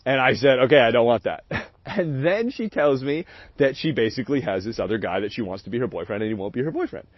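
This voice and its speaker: A man's voice: medium pitch, animated, fast, no room sound. A man hosting a stream, telling a story in a candid, rambling, profane way with frequent laughter. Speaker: host of a livestream. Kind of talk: casual storytelling. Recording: dull, dry lo-fi sound.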